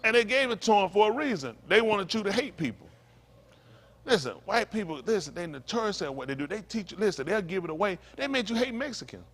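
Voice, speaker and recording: Pastor guy preaching loud and fiery, high voice that swings all over, keeps repeating himself. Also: lively intonation, fast. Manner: fiery, emphatic, repeats phrases, mocking asides. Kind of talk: preaching to a congregation.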